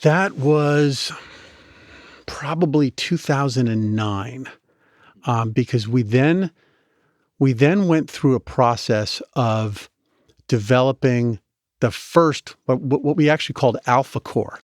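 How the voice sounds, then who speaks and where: Male guest, animated storyteller, restarts a lot, mid pitch, dry close mic. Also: slow pace, no room sound. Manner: animated, chatty, with many restarts. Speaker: guest, medical device inventor. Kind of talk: storytelling in a podcast interview.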